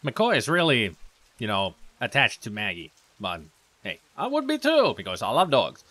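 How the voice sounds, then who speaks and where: A man's voice: mid-range voice, huge pitch swings, moderate pace, bright, forceful tone, dry recording. A man from Finland, a let's play host giving chatty, rambling gameplay commentary.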